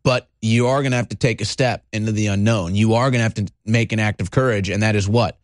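A male talk show host delivering a heated, agitated monologue, swinging between low intensity and shouting. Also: steady tone, quick pace, dry recording, clean studio sound.

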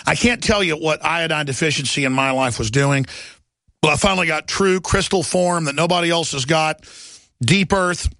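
A man hosting a political talk show, ranting sarcastically in rapid bursts. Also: a little high, gravelly, a bit bright, no echo. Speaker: talk radio host.

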